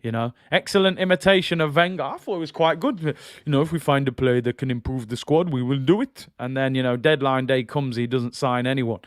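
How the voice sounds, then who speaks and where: A man's voice: mid-range voice, brisk, hardly any pauses, no room sound, clean studio sound. A man hosting a football channel, giving casual fan commentary in a chatty, incredulous way and often apologizing.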